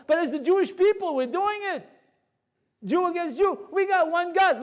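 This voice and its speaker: A man, a rabbi, giving a storytelling Torah lecture to a live audience in a conversational, animated way. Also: very high-pitched, a little fast.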